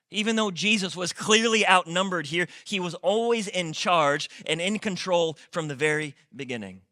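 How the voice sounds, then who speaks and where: A man's voice: mid-range voice, pushed and bright, no echo, clean studio sound. A man preaching a sermon as lead pastor, emphatic, repeating phrases with rising and falling intensity, often stumbling and restarting words.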